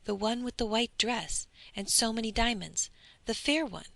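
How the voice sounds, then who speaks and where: A woman's voice: fairly high pitch, moderate pace, vocal fry, a bit bright, no room sound, pitched above the performer's own voice. A woman voicing a shaken male steward. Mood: alarmed. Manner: agitated, urgent. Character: anxious, devoted male steward.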